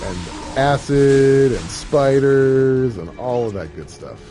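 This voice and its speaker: A man's voice: mid-range voice, expressive, takes it slowly, dark tone, faint music behind. A man streaming a game, chatting casually in a rambling, joking way with many fillers. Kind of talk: casual gameplay chat. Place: home streaming setup. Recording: game audio noise underneath.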